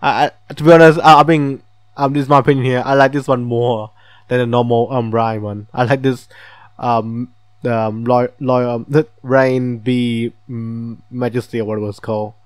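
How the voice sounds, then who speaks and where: A man's voice: medium pitch, fairly even intonation, moderate pace, clear, resonant tone, no echo. Chatty, swearing man playing a game. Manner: chatty, swearing, reads game text aloud, laughs often. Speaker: gaming channel host. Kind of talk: casual let's-play commentary.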